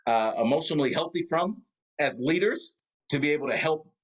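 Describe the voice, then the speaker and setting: A man's voice: a little high, expressive, fairly quick, rough recording. A man, a pastor and guest, chatting casually on a video call, with lots of fillers and restarts. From United States. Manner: rambling, many fillers and restarts. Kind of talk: casual conversation. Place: Atlanta area.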